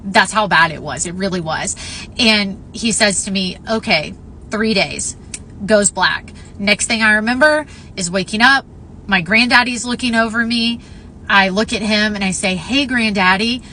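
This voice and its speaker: Bright-voiced young woman telling a story. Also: medium pitch, normal speed, a little hiss or hum, low-quality recording. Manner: earnest, heartfelt retelling with fillers. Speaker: vlogger. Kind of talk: personal storytelling.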